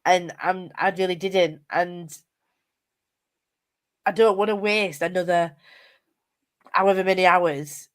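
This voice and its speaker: A woman co-hosting a casual livestream book chat, speaking hesitantly with halting starts. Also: lowish voice, fairly even intonation. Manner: hesitant, halting, laughs easily. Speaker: book podcast co-host.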